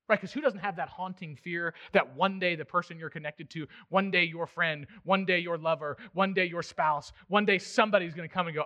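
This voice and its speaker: A man preaching a sermon in church as pastor, moving between emphatic, raised passages and quiet, intimate ones. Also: high voice, a little fast, hardly any pauses. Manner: swings from loud emphatic preaching to hushed, intimate delivery.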